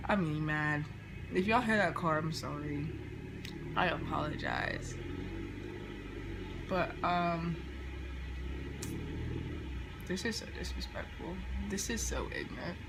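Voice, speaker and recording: A young woman in a casual storytime vlog, retelling an encounter with lively slang and quoted dialogue. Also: fairly low pitch, moderate pace, background noise. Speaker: vlogger. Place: indoors near a street, car noise outside.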